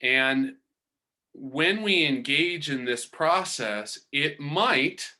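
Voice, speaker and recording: Man, slow unhurried delivery, bright tone, reflective spiritual talk, pauses mid-thought. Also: a little high, expressive. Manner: slow, measured, searching for words. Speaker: spiritual teacher.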